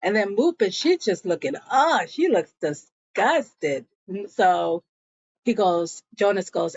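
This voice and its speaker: A woman's voice: mid-range voice, lively intonation, slow, slightly rough, no echo. A woman recapping a TV episode in a chatty, gossipy storytelling way, on a dull, muffled recording. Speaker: TV show recapper.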